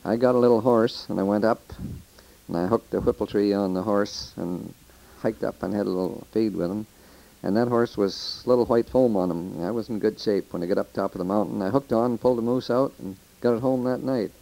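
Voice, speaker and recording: A man's voice: on the low side, brisk, vocal fry, warm tone, rough recording. An older man telling rambling, folksy stories of the old days into a taped letter, with restarts and quoted voices. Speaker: storyteller recording a taped letter. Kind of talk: casual spoken reminiscence.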